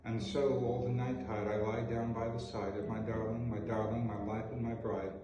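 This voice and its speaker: A man hosting a video, reading poetry aloud with a theatrical, drawn-out delivery. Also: fairly low pitch, little pitch movement, highs cut off. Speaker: host. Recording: echoey room from far off, faint music.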